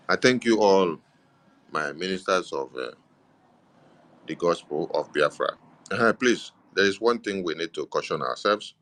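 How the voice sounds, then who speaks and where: A man's voice: low voice, lively intonation, a little slow, pauses often, a bit bright. A man with a Nigerian accent, speaking as a government media minister in an impassioned political address, stressing points with repeated affirmations.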